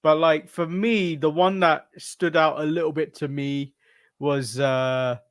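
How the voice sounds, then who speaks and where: Slightly high, chuckling podcast man. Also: fairly even intonation, measured pace, no room sound, clean studio sound. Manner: laughs often, hesitant with fillers. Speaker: podcast co-host. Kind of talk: casual wrestling podcast chat.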